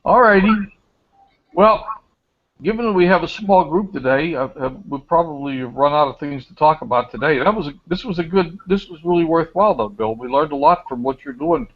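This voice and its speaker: A man's voice: a little high, lively intonation, brisk, creaky, phone-quality sound. Easygoing man hosting a group call. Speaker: group host. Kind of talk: casual online group chat.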